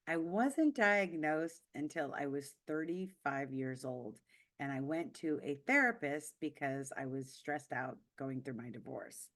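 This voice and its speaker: A middle-aged woman and public speaking coach giving a webinar talk. She shifts between hushed, confessional storytelling and lively, emphatic coaching. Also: sits low, a little slow.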